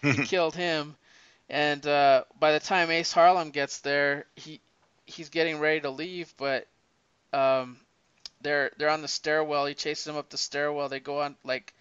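Rambling storyteller man, smooth voice. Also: a little high, a little slow, dry recording. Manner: rambling, animated storyteller with frequent restarts and laughs. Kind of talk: casual chat. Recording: dull lo-fi recording.

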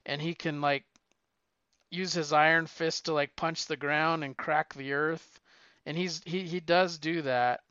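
A man chats about what he has been reading, rambling and halting, with many restarts and fillers. His voice sits a little high and sounds bright and crisp. The recording is dry but slightly dull and lo-fi. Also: fairly even intonation, dry recording. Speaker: podcast co-host reviewing comics. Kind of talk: casual chat.

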